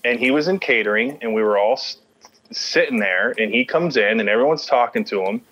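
A man of middle pitch telling a story among friends. He stumbles and restarts his phrases often and peppers them with curses. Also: fairly bright tone, lo-fi sound. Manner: halting, stammering restarts, heavy swearing. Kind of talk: casual storytelling.

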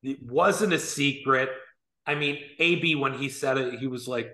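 A man co-hosting a podcast in casual sports chat, animated, joking and emphatic. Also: medium pitch, a little slow. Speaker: podcast co-host. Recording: roomy echo.

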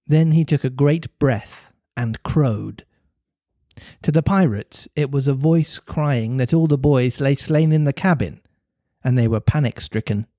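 A man reading a classic storybook aloud, measured and expressive, with a mid-pitched voice. The sound is dry and close, with no room echo. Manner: measured, expressive reading with occasional laughing asides. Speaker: reader of a classic novel on a podcast. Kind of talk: storybook narration.

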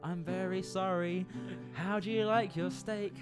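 A man's voice: high voice, steady tone, a little slow, over music, voice pushed up. A man playing a flustered waiter. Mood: sing-song. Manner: meek, fumbling politeness. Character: flustered apologetic male restaurant waiter.

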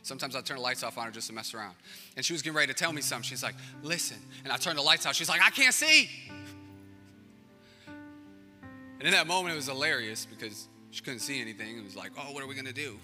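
A male pastor preaching a sermon, swinging from loud, rising passages to hushed near-whispers. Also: medium pitch, rapid-fire. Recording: reverberant hall with music behind.

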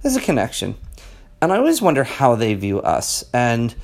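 A middle-aged man in a loose, rambling monologue at an average pitch. He keeps asking pointed rhetorical questions and checks in with the listener constantly. His delivery feels like unscripted thinking out loud. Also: huge pitch swings, moderate pace, vocal fry. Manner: rambling and conversational, peppers talk with "okay?" and "you know". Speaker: vlogger. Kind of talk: casual off-the-cuff monologue.

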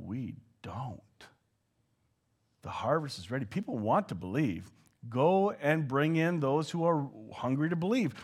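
A man preaching a sermon, moving between hushed asides and loud, acted-out shouts. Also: a little high, breathy edge.

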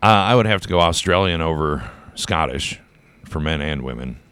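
A man with an extremely deep voice chats in an easygoing way on a podcast, drawing out his phrases. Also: expressive, moderate pace, fairly bright tone, smooth, dry recording. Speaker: podcast co-host. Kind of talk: casual chat.

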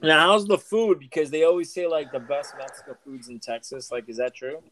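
A man's voice: a little high, steady tone, brisk, fairly bright tone, slight background noise. A man co-hosting a podcast, asking questions and teasing in casual chat. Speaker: podcast co-host.

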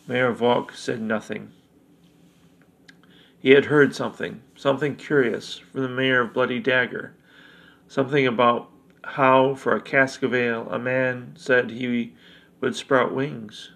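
Gravelly male fantasy narrator. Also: medium pitch, level tone, a little slow, fairly bright tone, poor audio.

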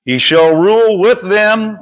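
A man leading a Bible study, reading scripture aloud slowly and stumbling over words, then stopping to teach. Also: high-pitched, poor audio. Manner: reads slowly with frequent stumbles and self-corrections. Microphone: streaming over Wi-Fi.

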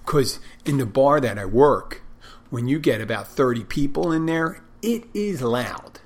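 Husky-voiced man rambling loudly. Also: medium pitch, lively intonation, measured pace. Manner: rambling, self-deprecating, loud barking delivery. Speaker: bartender and podcaster. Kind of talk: casual rambling monologue.

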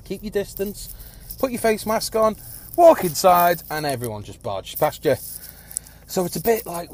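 A high, sing-song male voice moves at a moderate pace through a one-take podcast recorded while driving in traffic. The host rambles, grumbles, swears casually, and coughs phlegmily, with car and road noise behind.

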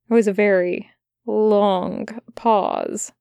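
A woman reading fan fiction aloud as a podfic, narrating calmly and softly. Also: mid-range voice, normal speed, dry recording, clean studio sound. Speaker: podfic reader.

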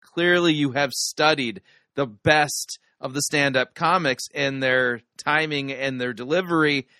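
A man's voice: mid-range voice, measured pace, bright, forceful tone, dry recording. A man giving sarcastic critical commentary on a sermon, dry and mocking.

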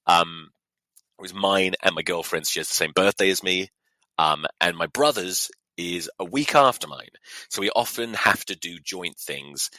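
A man's voice: sits low, sharp tone, no room sound, poor audio. A young man, a podcast host, telling a story in a sweary, mock-outraged monologue. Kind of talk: casual comedic monologue.

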